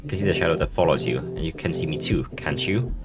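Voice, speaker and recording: A forward, teasing skeletal girl from a story game, blunt and crude in her talk, read out by a man. The voice sits very low and deep. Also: fast talker, loud music behind the voice. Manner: teasing, blunt, swears casually. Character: faceless skeletal young woman, teasing, forward.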